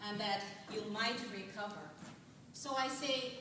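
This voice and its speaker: Middle-aged woman telling her testimony real slow, bright voice, far off in a big echoey hall. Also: on the high side, steady tone, a little hiss or hum. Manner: halting storytelling with frequent pauses and chuckles. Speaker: speaker giving a testimony. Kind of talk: personal testimony to an audience.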